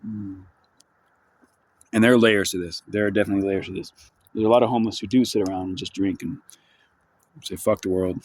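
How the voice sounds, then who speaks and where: A man's voice: lowish voice, fairly even intonation, brisk, long pauses. A man delivering a rambling, profane, sardonic monologue for his vlog, outdoors in the sunshine. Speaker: vlogger.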